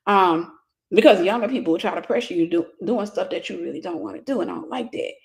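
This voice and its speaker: A woman's voice: fairly low pitch, fast, creaky. A woman minister in her forties telling a personal story in a casual livestream sermon, greeting viewers by name.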